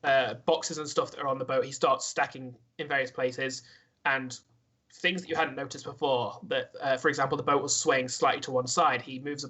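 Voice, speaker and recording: A man's voice: medium pitch, fairly even intonation, normal speed, pushed and bright, husky. A man narrating as dungeon master, casually describing scenes with frequent restarts. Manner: swears freely, restarts often. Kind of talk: narrating a tabletop game.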